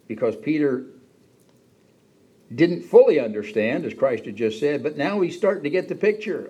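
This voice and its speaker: Mellow-voiced, husky male preacher. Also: animated, normal speed. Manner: conversational, acts out quoted lines with raised pitch. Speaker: pastor. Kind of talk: sermon.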